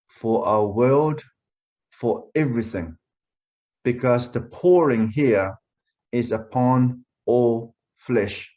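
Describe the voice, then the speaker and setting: A male pastor delivers a sermon at an unhurried, measured pace. His pitch sits in an ordinary middle range. He stresses key phrases and repeats them for emphasis. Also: darkish tone. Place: church.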